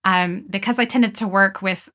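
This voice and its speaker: A woman hosting an interview speaks with a bright, clear tone. She makes earnest, persuasive points and scatters filler words through her talk. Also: mid-range voice, fairly even intonation, normal speed. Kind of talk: casual interview conversation.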